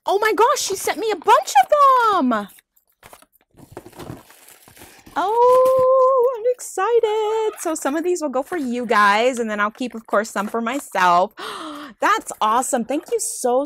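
A woman chatting casually in an unboxing vlog, gushing and excitable as she thanks a friend for each gift. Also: medium pitch. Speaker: vlogger unboxing friend mail. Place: at home with her dogs.

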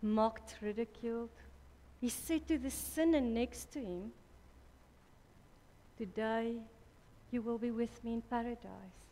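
A woman preaching a sermon at a church women's conference, slow and deliberate, correcting herself mid-sentence. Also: a little high, warm tone, a little hiss or hum. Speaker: conference speaker. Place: church hall. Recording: reverberant church hall.

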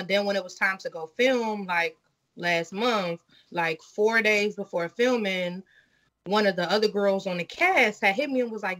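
A woman hosting a casual podcast chat, telling stories in a blunt, profane and animated way. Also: medium pitch, measured pace. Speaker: podcast host.

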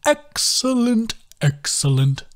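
A man voicing a slow, sing-song turtle-man mentor who drawls and croons with wide pitch swings. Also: very animated, exaggerated voice. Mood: welcoming. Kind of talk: audiobook character voice.

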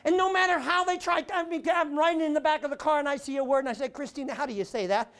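A man preaching a sermon, animated, shouting out repeated phrases and prodding the congregation with "huh?". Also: extremely high pitch, quick pace.

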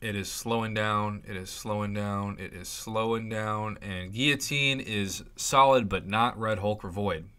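A man commentating on mobile game crystal openings for his YouTube channel, excitable and playfully dramatic, pleading out loud for good results. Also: lowish voice, measured pace, hardly any pauses, smooth.

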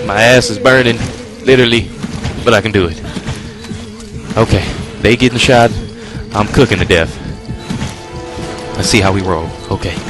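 A man giving casual let's-play commentary, swearing, complaining and cheering himself on as he plays. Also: on the low side. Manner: profane, complaining, self-encouraging. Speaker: gaming commentator. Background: loud game music.

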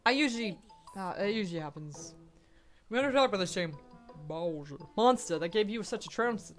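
Excitable woman swearing at a video game. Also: mid-range voice, brisk, faint music behind. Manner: excitable, swears often, talks to the game characters. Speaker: let's play gamer. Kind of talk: casual gameplay commentary.

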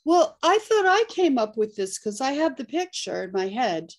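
A woman's voice: sits high, very animated, moderate pace. A woman hosting a casual conversational interview, chatty and eagerly asking her guest questions. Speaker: host.

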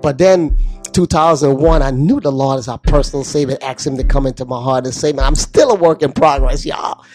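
A man's voice: medium pitch, brisk, a little mellow, soft background music. A middle-aged man from Anguilla hosting a radio show, talking in a heartfelt, preachy way and slipping into sing-song phrases. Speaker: radio DJ and host. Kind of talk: heartfelt devotional radio talk. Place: radio studio. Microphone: studio microphone at a mixing desk.

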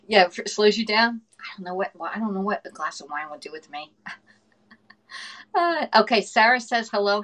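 A middle-aged woman from the northern United States hosting a cooking livestream, chatting fast, laughing often and reading viewer comments aloud. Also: mid-range voice, fairly bright tone, rough recording. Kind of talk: casual livestream chat.

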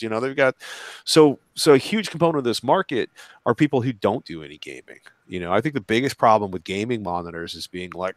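A man's voice: lowish voice, quick pace, no echo. A man talking as a guest on a live panel, rambling through his points and acting out little quoted exchanges. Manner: rambling, animated asides with acted-out quotes. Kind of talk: casual panel discussion.

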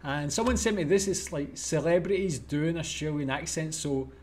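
A man's voice: on the high side, normal speed, darkish tone. A man hosting a reaction video, chatting casually and thinking aloud as he goes.

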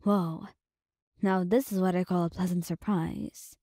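A woman voicing a flirtatious, smirking adult male swordsman in a soft whispered role-play. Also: on the low side, fairly even intonation, unhurried, dry recording, studio quality. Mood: teasing. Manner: smirking, teasing.

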